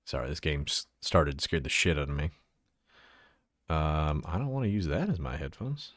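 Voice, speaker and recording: A man's voice: a bass voice, animated, normal speed, fairly bright tone, no echo, studio quality. A man from Central Texas chatting casually on a livestream, swearing freely and laughing often while he fiddles with his setup. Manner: loose and profane, laughs often, talks while fiddling with settings. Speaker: livestreamer showing his avatar model.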